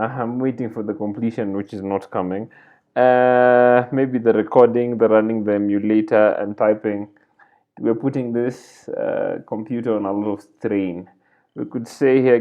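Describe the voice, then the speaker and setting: A man's voice: fairly low pitch, narrow, tinny audio. A man teaching a coding screencast, thinking aloud as he types and often adding "right?" and "like this". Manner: thinks aloud while typing, frequent "right?" and "like this". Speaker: coding tutorial instructor. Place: at a computer, indoors.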